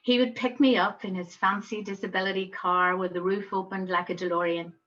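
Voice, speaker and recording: A middle-aged woman, telling a personal story in a reflective, gently wry manner. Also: medium pitch, steady tone, fairly quick, highs cut off, a little hiss or hum. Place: home.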